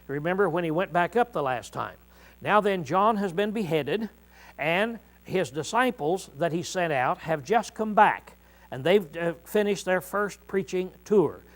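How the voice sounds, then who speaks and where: A middle-aged male preacher teaching a congregation in a folksy, conversational way, often clearing his throat and pausing with "uh". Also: fairly high pitch, low-quality recording. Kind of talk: informal Bible teaching to a congregation.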